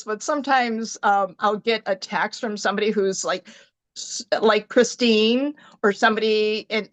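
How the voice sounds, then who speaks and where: A middle-aged woman giving an animated motivational team talk, acting out her own thoughts as she tells stories. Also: a little high. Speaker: team leader in direct sales.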